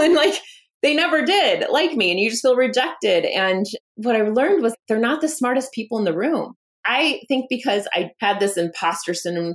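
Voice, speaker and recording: Woman founder, 30s, candid and lively in interview, slips into quoted voices. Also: on the low side. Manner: animated, acts out quoted dialogue, laughs often. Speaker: founder and guest.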